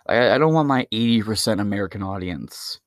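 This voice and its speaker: A man's voice: fairly low pitch, animated, a little fast, dry recording, studio quality. A man hosting his own podcast, ranting alone in a rambling, mocking and heavily profane way. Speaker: podcast host. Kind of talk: ranting solo podcast monologue.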